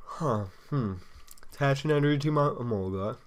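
A man's voice: mid-range voice, normal speed. A young man giving casual, rambling commentary while playing a card game online, impatient and teasing, sometimes talking with chocolate in his mouth. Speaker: let's play host.

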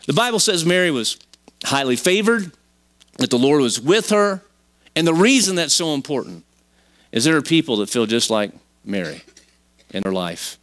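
A man's voice: medium pitch, fairly bright tone. A man preaching a sermon as pastor to his congregation in a church, talking conversationally and acting out quoted voices, with emphatic rising peaks. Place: church sanctuary.

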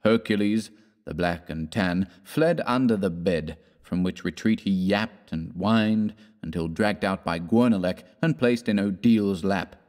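A man narrating a classic horror story in a measured, dramatic storytelling manner. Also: low voice, darkish tone, in a large hall. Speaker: audiobook narrator.

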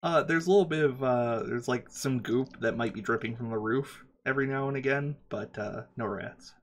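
A man narrating as game master for a tabletop game, describing scenes in a halting way with frequent ums and uhs. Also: mid-range voice, a little hiss or hum.

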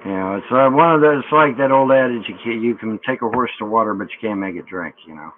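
A man hosting an online chat room rambles and cracks jokes at a middle pitch. His voice comes through thin, phone-like audio. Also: quick pace, dry recording. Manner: rambling, joking.

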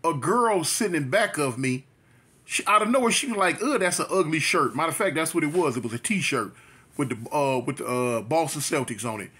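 High, bright-voiced storytelling man. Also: expressive, brisk, husky. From South Central Los Angeles. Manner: chatty, repetitive, loose street slang. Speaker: vlogger. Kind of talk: storytime monologue.

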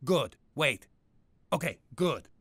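A gravelly, blustering ex-mob father in an adult cartoon. His voice swings widely as he yells in exasperation, then caves to his daughter. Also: a little high, very animated, slow, no room sound, heavily acted. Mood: pleading. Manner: gruff, exasperated, prone to yelling. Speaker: strip club owner and father.

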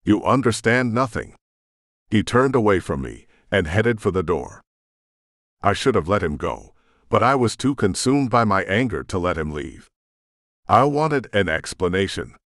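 Deep guy reading an audiobook, dry close mic, tense and emotional. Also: very animated, normal speed, a bit bright, no echo. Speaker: audiobook narrator. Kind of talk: scripted first-person audiobook narration.

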